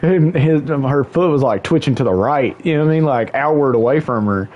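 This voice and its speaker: A man's voice: mid-range voice, lively intonation, fairly quick, a little mellow, lo-fi sound. A young man hosting a livestream, casually telling a long story with lots of slang and swearing, his voice jumping up when he quotes people. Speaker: livestream host.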